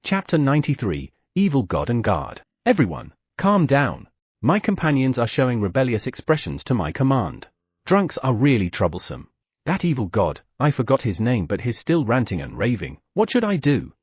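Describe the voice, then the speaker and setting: A man narrating a fantasy audiobook in first person, giving the other characters small shifts of pitch. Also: big pitch swings, moderate pace, breathy edge, dry recording, studio quality.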